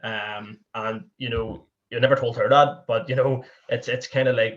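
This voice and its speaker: A man's voice: mid-range voice, steady tone, normal speed, hardly any pauses, highs cut off. Northern Irish man telling a rambling story. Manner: rambling, full of "you know" fillers and restarts. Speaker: podcast guest. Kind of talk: candid personal storytelling.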